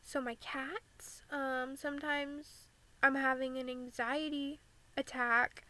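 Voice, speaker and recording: A woman's voice: high-pitched, little pitch movement, slow pace, bright, forceful tone, low-quality recording. A young American woman vlogging candidly about living with anxiety, saying "like" often. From United States. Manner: candid and earnest, frequent "like" fillers.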